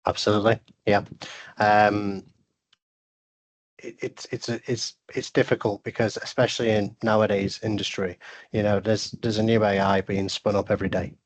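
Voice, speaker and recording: Man, sales guest on a webinar, low voice, even and flat delivery, earnest, restarts his words. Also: moderate pace. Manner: earnest, repeats words when starting. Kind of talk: webinar advice talk.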